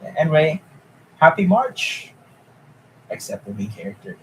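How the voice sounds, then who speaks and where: A man's voice: on the high side, big pitch swings, moderate pace, slight background noise, poor audio. Chatty young man streaming live. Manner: chatty, often laughing, reads chat aloud. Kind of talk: casual live-stream chat.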